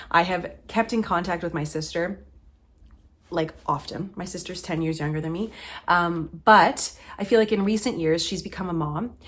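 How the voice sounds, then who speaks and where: A woman's voice: fairly low pitch, fairly bright tone. A woman in her thirties chatting to camera as a vlogger, heartfelt and close to tears, with many fillers. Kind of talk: casual chat to camera.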